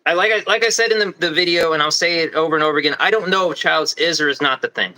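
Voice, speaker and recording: A man with a very bright, forceful voice in a casual podcast discussion. He talks in quick, animated bursts and often restarts his sentences. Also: on the high side, poor audio. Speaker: podcast co-host.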